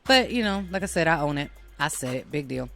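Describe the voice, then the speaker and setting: A woman hosting a show, giving a blunt, sassy and profane casual monologue, animated and putting on voices when she quotes people. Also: deep voice, brisk, gravelly, faint music behind. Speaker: show host.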